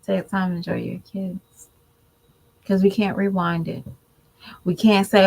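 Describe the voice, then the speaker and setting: A woman's voice: medium pitch, slow pace, vocal fry, poor audio. A woman giving candid, preachy commentary to her viewers in a casual vlog. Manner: candid, preachy, animated mimicry. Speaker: vlogger.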